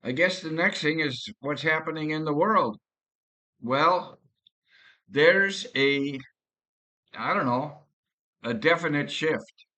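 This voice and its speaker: Male vlogger, casual rambling talk with restarts, bright and somewhat high. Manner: rambling, halting, with frequent restarts. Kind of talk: casual personal monologue.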